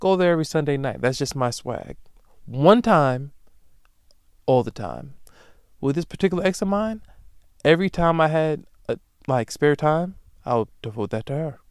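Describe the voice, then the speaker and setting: A young man hosting a solo comedic podcast, ranting emphatically with profanity and loud animated bursts. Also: on the high side, normal speed, clear, resonant tone, dry recording, clean studio sound. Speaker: podcast host.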